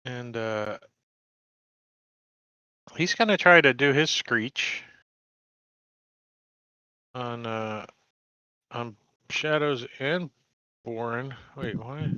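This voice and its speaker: A man calling shots as game master, bright. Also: medium pitch, extremely slow, long pauses, clean tone, dry recording, lo-fi sound. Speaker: dungeon master. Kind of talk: running a tabletop game.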